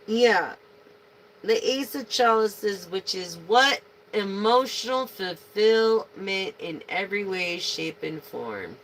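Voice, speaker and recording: A woman reads tarot in a relaxed live stream. Her voice has a gravelly, creaky edge, and she talks slowly. She swears freely and keeps addressing the collective over a noisy, hissing recording. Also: mid-range voice. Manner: slangy and profane, addresses the viewers as a collective. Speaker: tarot reader. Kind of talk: casual live tarot reading.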